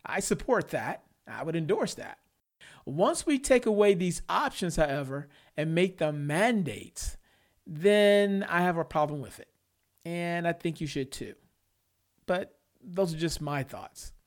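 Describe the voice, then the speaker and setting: A man's voice: on the high side, lively intonation, a little slow. A man hosting a solo opinion podcast, talking in a thoughtful, reflective way and laughing now and then. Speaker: podcast host.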